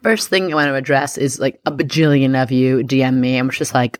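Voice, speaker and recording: A woman hosting her own podcast as an astrologer, talking in a casual, rambling and earnest way, restarting often and warmly affirming her listeners. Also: extremely low pitch, fairly even intonation, a little fast, few pauses, no echo. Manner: upbeat and affirming toward listeners. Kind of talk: casual solo podcast talk.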